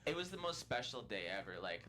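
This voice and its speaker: Man, comedian guest, casual storytelling, bright tense tone, laughs a lot, lots of fillers. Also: mid-range voice, sing-song, quick pace.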